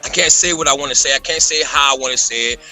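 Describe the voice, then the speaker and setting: A man on a podcast, talking casually and ranting in an animated way, often repeating himself. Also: mid-range voice, quick pace, soft background music. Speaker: podcast guest.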